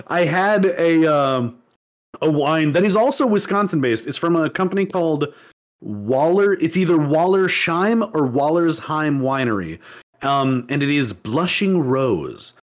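A man chatting on a casual podcast, his voice sitting a little high. He rambles, restarts and laughs at himself as he talks. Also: expressive, a little slow. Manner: rambling, laughs often, self-deprecating. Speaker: podcast co-host. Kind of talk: casual chat.

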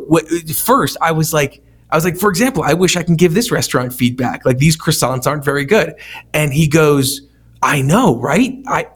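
A man's voice: a little high, husky. A man who runs a restaurant feedback company, telling stories in a casual conversation and acting out what people said. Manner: storytelling, animated quoting of others.

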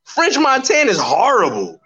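A man co-hosting a podcast in casual chat, animated and playful, acting out little quotes as he talks. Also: very high voice, moderate pace. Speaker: podcast co-host.

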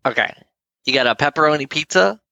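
A man's voice: a little high, animated, brisk, creaky, bright, forceful tone, dry recording, lo-fi sound. A man co-hosting a casual podcast chat, playful and rambling, laughing often as he talks. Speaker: podcast co-host.

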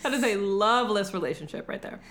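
A woman co-hosting a casual chat, recapping a film with animated, profane storytelling. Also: medium pitch, fast. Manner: animated, profane storytelling, acts out quotes in voices.

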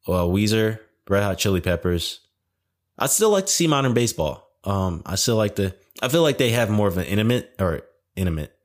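Alone on his podcast, a young man rambles through casual chat, stuffing it with "like" and swearing often. His voice sits low.

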